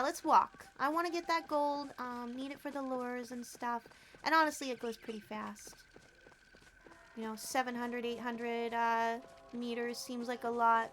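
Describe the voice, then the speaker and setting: A woman streaming a game, chatting casually with her viewers, giggling often and quick to get excited. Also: high voice, a little hiss or hum. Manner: bubbly, giggly, talks to chat. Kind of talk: casual gameplay livestream chat.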